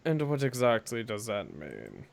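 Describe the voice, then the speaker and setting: A man's voice: lowish voice, wildly swooping pitch, unhurried, creaky, full character voice. A man reading as a formal old judge. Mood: stern. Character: stern old male courtroom judge.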